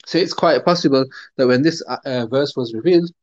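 A man's voice: medium pitch, brisk, a little mellow, no echo. A man teaching a Quran commentary lesson in a conversational way, with frequent fillers and restarts. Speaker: religious teacher. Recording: dull, dry recording.

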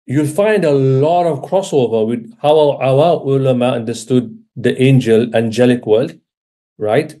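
Speaking a little slowly, a man with a warm, mid-range voice gives a casual religious lecture as an Islamic teacher in Britain. He keeps it conversational and regularly checks in with those listening.

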